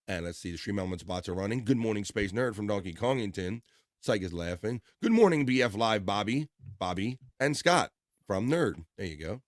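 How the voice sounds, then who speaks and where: A man's voice: fairly low pitch, no room sound, studio quality. A man hosting a livestream, reading viewers' chat messages aloud in an upbeat, playful way and riffing on their names. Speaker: livestream host.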